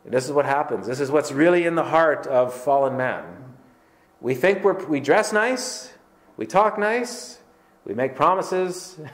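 A man preaching a sermon as pastor, emphatic and conversational, firing rhetorical questions at his congregation. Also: a little high. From Canada. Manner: conversational with filler words.

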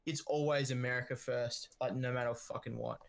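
A man's voice: medium pitch, fairly even intonation, a little fast, gravelly. A man from Western Australia with an Australian accent, chatting casually and asking questions, with easy swearing. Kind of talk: casual group chat.

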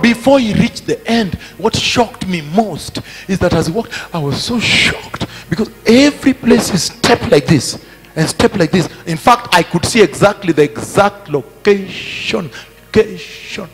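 Man, preacher, sermon, repetitive emphatic delivery, slightly high voice, reverberant hall, faint music. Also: slightly rough. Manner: emphatic and repetitive, rising to shouted climaxes. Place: large conference hall.

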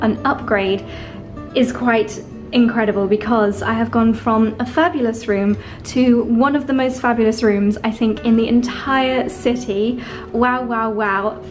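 Gushing woman on a hotel tour. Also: on the high side. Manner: gushing, breathless with delight, repeats exclamations. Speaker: fashion and lifestyle vlogger. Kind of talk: excited hotel room tour vlog. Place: luxury hotel room high in a tower. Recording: music playing under the voice.

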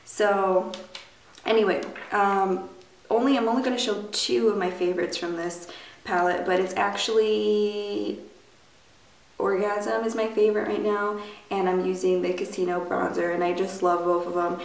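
A young woman chatting loosely through a beauty product review, her voice raspy because she has just woken up, full of fillers and rambling asides. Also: medium pitch, little pitch movement, moderate pace. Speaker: beauty vlogger. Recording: echoey room, mic at a distance, faint noise.

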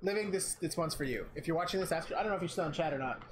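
A young adult game streamer chatting casually and excitably from home, thanking viewers by name. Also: medium pitch, racing. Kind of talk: casual live-stream chat. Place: home room. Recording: keyboard typing noise behind.

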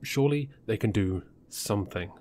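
A man's voice: fairly low pitch, animated, normal speed, darkish tone, slight background noise, close to an everyday voice. A man voicing a frustrated young husband in a horror story reading. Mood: exasperated. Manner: blunt, exasperated.

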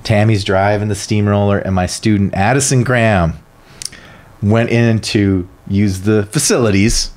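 A man who is an art professor, telling stories in a casual podcast interview with lively, animated delivery. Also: lowish voice, a little slow. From northern United States. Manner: animated, lively storyteller who acts out quotes. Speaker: guest, art professor and printmaker.

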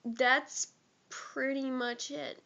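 A teenage girl who is sick and sounds rough, gushing and giggling in a rambling fan vlog recorded on her phone while sitting on a couch at home. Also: sits high, level tone, extremely slow, bright, forceful tone, dull audio. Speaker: vlogger. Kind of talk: casual fan vlog to camera. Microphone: phone held close.

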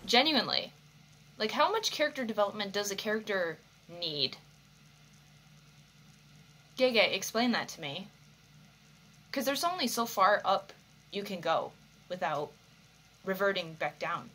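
A woman reacting to an anime episode in a slow, unhurried way, her pitch swinging widely from low to high. Her voice is bright and sharp, and she talks back to the screen and swears freely. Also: lively intonation, a little hiss or hum. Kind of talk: reaction commentary.

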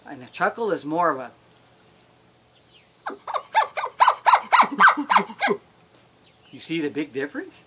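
A man's voice: a little high, very animated, fast, hardly any pauses, heavy background noise. Folksy man teaching elk calls. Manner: folksy, explains step by step. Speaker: elk calling instructor. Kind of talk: instructional demonstration.

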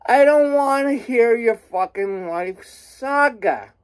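A woman's voice: on the high side, expressive, takes it slowly, few pauses, low-quality recording. A woman ranting casually to her viewers, rambling and exasperated, swearing constantly. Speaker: vlogger. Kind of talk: casual profane rant to camera.

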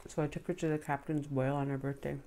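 A woman's voice: low-pitched, level tone, fast, mellow, a little hiss or hum. A middle-aged woman vlogger chatting casually to the camera while she eats, humming between bites. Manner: chatty, eating between words, frequent mm-hmms. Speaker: mukbang vlogger. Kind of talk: casual chat while eating.

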